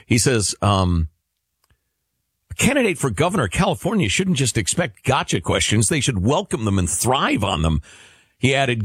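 A man's voice: on the low side, breathy edge, no room sound, studio quality. A man co-hosting a talk radio show, trading sardonic put-downs about politics.

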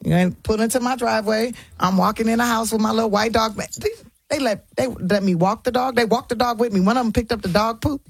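A woman's voice: on the high side, fast, gravelly, slight background noise. A woman talking as an interview guest in casual chat, telling stories bluntly in slang and laughing as she goes. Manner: blunt, colloquial storytelling with slang; animated, laughing storyteller.

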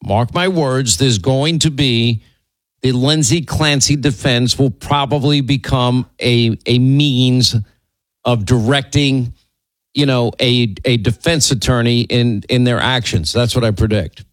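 A man hosting a political commentary show, talking in a sardonic, rambling way with quick asides. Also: medium pitch, no echo. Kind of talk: casual opinion commentary.

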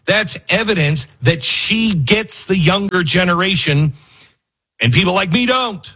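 A man hosting a political talk show, giving opinionated commentary in an animated way, laughing often and repeating himself for emphasis. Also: high voice, a little slow, breathy edge.

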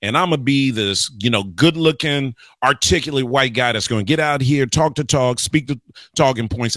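Man, talk radio host, animated, rambling, chatty with listeners, dry studio sound. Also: mid-range voice, dry recording. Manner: animated, rambling, addresses listeners as y'all and guys. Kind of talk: casual political talk radio monologue.

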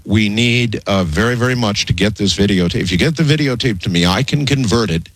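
A man hosting a call-in radio show, interrupting and steering the caller deliberately. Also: on the low side, a bit bright, dry recording. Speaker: radio talk show host.

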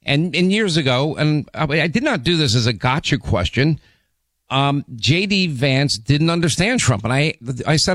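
A man in his sixties hosting a talk radio show, hoarse with laryngitis, talking in a rambling, emphatic way with restarts. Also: on the high side, expressive, normal speed, a bit bright, dry recording. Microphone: studio microphone.

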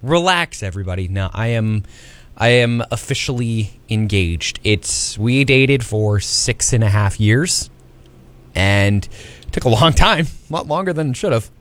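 A man's voice: on the low side, unhurried, fairly bright tone. A young man co-hosting a casual radio show, teasing his co-hosts drily. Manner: dry teasing.

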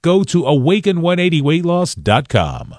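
Animated man reading a personal ad. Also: moderate pace, no room sound, studio quality. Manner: earnest, conversational pitch. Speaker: ad spokesperson. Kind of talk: personal endorsement ad read.

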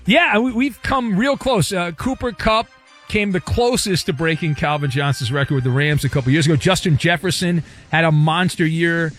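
Wry high-voiced male sports radio host. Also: normal speed, fairly bright tone, faint music behind. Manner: wry, sarcastic quips. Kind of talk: casual sports talk.

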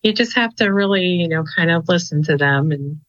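A woman's voice: fairly low pitch, lively intonation, brisk, fairly bright tone, no echo. A chatty woman in an interview who rambles through her stories with plenty of "you know"s. Her voice comes through a muffled, lo-fi recording and sounds close and dry, with no room around it. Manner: chatty and storytelling, with many fillers. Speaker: client coordinator of a ghost-hunting group. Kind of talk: casual interview chat.

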